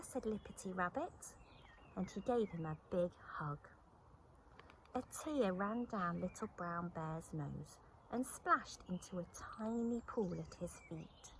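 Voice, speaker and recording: Lady reading a kids' story slow, lots of ups and downs, soft whispers, faint hiss. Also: lowish voice, poor audio. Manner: animated, expressive, drops to whispers. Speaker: children's storyteller.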